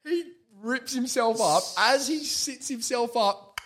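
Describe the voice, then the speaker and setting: An Australian man co-hosting a podcast, telling stories in casual chat, acting out quotes loudly and laughing often. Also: very high-pitched, slow pace. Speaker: podcast co-host.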